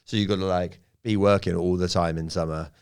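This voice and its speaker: A man's voice: low-pitched, steady tone, fairly quick, clear, resonant tone. A young man in casual podcast chat, telling rambling, self-mocking stories into a studio microphone. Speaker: guest comedian.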